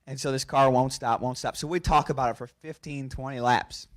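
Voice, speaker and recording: A race car driver telling a lively anecdote at a press conference, laughing through it and restarting his sentences quickly. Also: mid-range voice.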